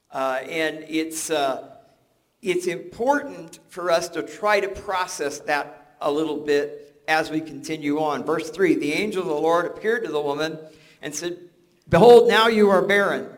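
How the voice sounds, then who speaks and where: Older pastor, slightly high voice. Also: male voice. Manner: conversational and joking, restarts words often. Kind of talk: sermon.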